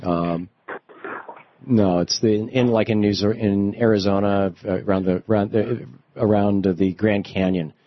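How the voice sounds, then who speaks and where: A man's voice: lowish voice, fairly even intonation, unhurried, lo-fi sound. A man hosting a call-in radio talk show, chatting with callers and thinking aloud with many restarts.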